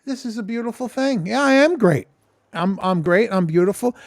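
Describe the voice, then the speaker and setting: Man, casual vlog talk, rambling and profane, high lively voice, dry close sound. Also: moderate pace, dry recording. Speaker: vlogger. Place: home kitchen.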